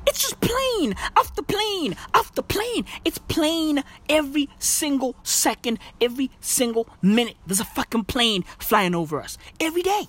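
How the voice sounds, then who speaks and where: Lady ranting like a hype bro, swears a lot, high bouncy voice. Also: big pitch swings, normal speed, few pauses, a bit bright. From South Africa. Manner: slangy, profane hype-bro talk. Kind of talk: comic rant monologue.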